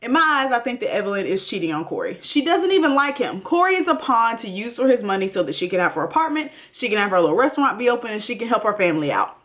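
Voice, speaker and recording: A woman's voice: on the high side, big pitch swings, fast, few pauses, fairly bright tone. A woman hosting a TV recap, talking in a blunt, emphatic way straight to her viewers. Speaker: TV recap host. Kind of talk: casual commentary.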